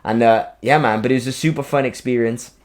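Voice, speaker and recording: A man, hosting a podcast and telling a story in a casual, animated way, acting out quotes and swearing freely. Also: mid-range voice, fast. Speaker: podcast host. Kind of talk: casual chat.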